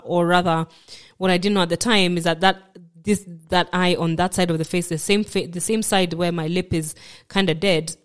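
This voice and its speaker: A woman with a lowish voice, there as a podcast guest, tells a story about herself. She hesitates, repeats words, and performs the lines others told her.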